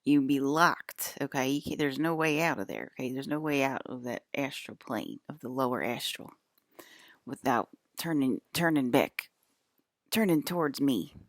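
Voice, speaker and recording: A woman's voice: a bass voice, animated, moderate pace, no room sound, studio quality. A woman vlogging to her camera in a loose, rambling monologue, laughing often and swearing freely.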